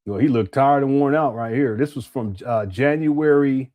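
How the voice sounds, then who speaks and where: A man's voice: medium pitch, normal speed, a little mellow, a little hiss or hum. A man hosting a live stream, reacting to clips with frequent laughter and casual commentary. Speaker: host.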